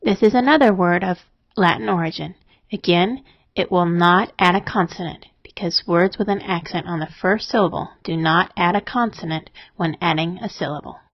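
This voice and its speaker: A woman narrating a scripted spelling lesson, explaining rules in a steady, methodical way. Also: lowish voice, normal speed, no room sound. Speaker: spelling teacher. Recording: dry, dull lo-fi voice-over.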